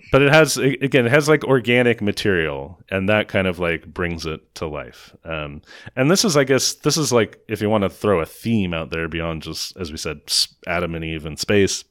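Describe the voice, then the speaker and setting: A man's voice: sits low, expressive, moderate pace, fairly bright tone, no room sound, clean studio sound. A man hosting a casual podcast, recapping a movie in a loose, rambling way with some swearing. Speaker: podcast host recapping a film. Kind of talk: casual chat.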